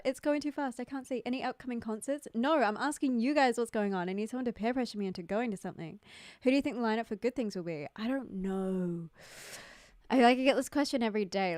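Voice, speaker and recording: A woman's voice: mid-range voice, darkish tone, clean tone, no room sound, clean studio sound. A young woman hosting a casual livestream from home, chatty and giggly, full of "like" fillers, talking into a desk mic. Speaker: livestream host. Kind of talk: casual live-stream chat. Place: home room. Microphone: desk microphone, no headphones.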